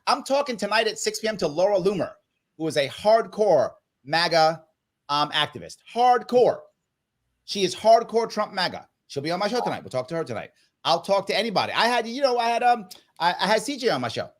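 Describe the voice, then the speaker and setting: A political guest in an interview talks a little fast in a high voice with big pitch swings. He pushes his points emphatically and persuasively.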